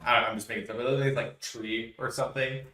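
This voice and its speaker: A man co-hosting a podcast argues his point in a casual debate, frequently cutting in and restarting sentences hesitantly. His mid-range voice is bright and forceful with fairly even intonation, and he talks at a quick pace. The recording has a roomy echo.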